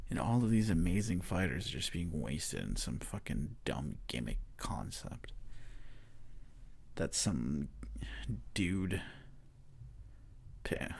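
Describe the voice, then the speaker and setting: Slow, gravelly man ranting casually. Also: low voice. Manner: laughs often, swears, trails off mid-sentence. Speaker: podcast host. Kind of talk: casual profane rant.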